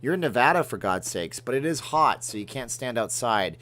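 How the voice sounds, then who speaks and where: Animated and brisk, this medium-pitched, fairly bright-toned man hosts a casual livestream from Alberta, Canada. Middle-aged, he works through viewer comments, wandering between jokes and remarks aimed at his cat.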